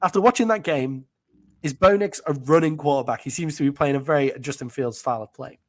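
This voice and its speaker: A man with an English accent co-hosting a casual sports podcast, chatty and quick to laugh, with plenty of fillers. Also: fairly high pitch. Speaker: podcast co-host.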